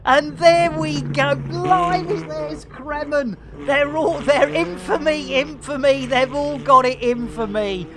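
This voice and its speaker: A woman streaming a game live, chatting excitedly and thanking her viewers with frequent exclamations. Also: high-pitched, takes it slowly, hardly any pauses, music in the background. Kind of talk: live gaming stream chat.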